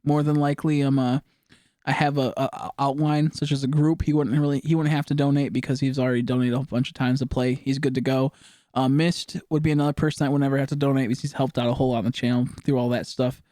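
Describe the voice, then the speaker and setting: Streaming a game live, a young man talks fast in a warm, medium-pitched voice with little pitch movement. His casual chat wanders, full of fillers and mumbled asides, and the audio is studio quality with no room sound.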